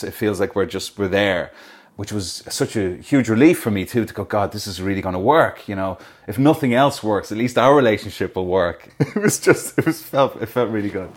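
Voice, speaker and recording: A man with an Irish accent chats easily, his voice sitting a little low. He laughs at himself often and trips over his own sentences as he goes. It sounds like an unhurried conversation between two actors. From Ireland. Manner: relaxed, self-deprecating, laughs often, many restarts. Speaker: actor interviewed about a series. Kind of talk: casual conversational interview.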